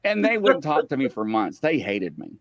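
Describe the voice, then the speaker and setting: A man's voice: medium pitch, moderate pace, dry recording. A middle-aged man and podcast host, a retired police officer, telling a story casually and playfully to his audience. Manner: animated, playful, repeats "ladies and gentlemen" to the audience.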